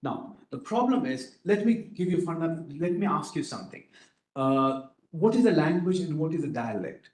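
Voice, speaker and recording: A man's voice: a little high, sing-song, normal speed, a little mellow. A man giving a workshop lecture to students, often asking them questions and tagging his points with "right?". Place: lecture room. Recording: roomy echoey lecture room.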